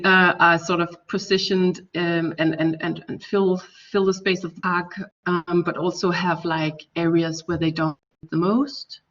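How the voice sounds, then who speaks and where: Danish-accented woman lecturer, slow and halting, fairly low voice, heard from a distance on a muffled recording. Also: fairly bright tone. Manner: hesitant, many fillers and restarts. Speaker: architecture lecturer. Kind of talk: academic talk.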